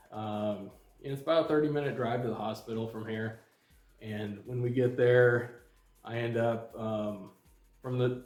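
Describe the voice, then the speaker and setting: Middle-aged man vlogging, calm and plain-spoken, mid pitch, roomy echo. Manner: calm, plain-spoken, many ums and restarts. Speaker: channel host. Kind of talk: casual storytelling to camera.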